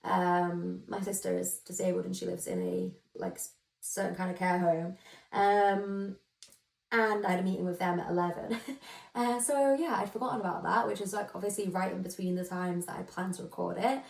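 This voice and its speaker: A woman's voice: lowish voice, lively intonation, normal speed, creaky, darkish tone, far from the mic. A woman hosting a casual solo podcast, chatty and self-deprecating, giggling and rambling through asides. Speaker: podcast host. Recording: roomy echo, voice a bit off-mic.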